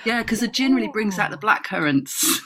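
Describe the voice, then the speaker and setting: A woman's voice: mid-range voice, expressive, moderate pace, sharp tone. A woman from Cornwall, telling stories in a casual chat with a wry, self-mocking manner. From Cornwall, England. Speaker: guest.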